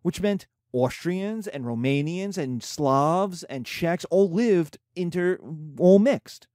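Man, history teacher, slightly high voice, dry close sound, conversational lecture. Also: slow, no echo. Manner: conversational, animated, with filler asides.

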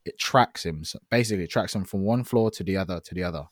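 A man's voice: low voice, fast talker. A man chatting casually as a podcast co-host, rambling with lots of fillers and restarts. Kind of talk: casual chat.

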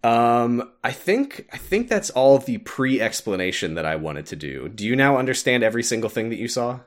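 A man with a mid-range, sing-song voice talks at a moderate pace. As a podcast co-host, he casually recaps a game's story, laughing often and using plenty of filler words.

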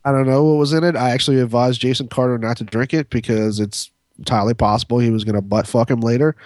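A man's voice: medium pitch, no room sound, studio quality. A man co-hosting a podcast, telling a long story in a rambling, profane way, full of fillers and restarts. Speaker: podcast co-host. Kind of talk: casual storytelling chat.

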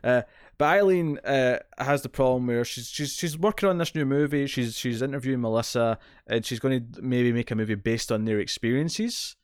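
A man's voice: medium pitch, normal speed, clear, resonant tone, no echo, studio quality. A man co-hosting a podcast, recapping a TV episode in casual chat, full of restarts and fillers. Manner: rambling, many restarts and fillers. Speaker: podcast co-host.

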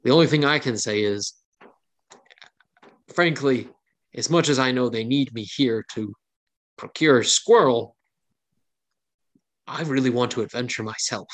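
A man's voice: mid-range voice, a little slow, long pauses, natural voice. A man voicing an eager young hunter in his twenties who works as a camp cook, earnest and stammering, forever making promises. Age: 20s.

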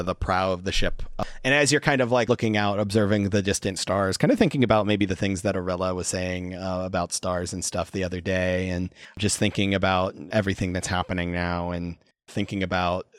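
A man running a tabletop role-playing game as game master, narrating scenes in a relaxed way with fillers. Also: deep voice, no room sound, clean studio sound. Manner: relaxed storyteller with fillers, puts on quick voices.

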